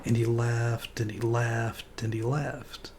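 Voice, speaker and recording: A man streamer reading a children's storybook aloud in a relaxed, folksy way. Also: mid-range voice, slow, slight background noise.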